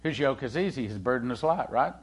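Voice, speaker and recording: A man preaching a sermon in a conversational way, asking the congregation questions and swinging between loud and hushed delivery. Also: mid-range voice, fairly quick, slightly rough. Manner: animated, swings from loud to hushed, acts out quoted dialogue.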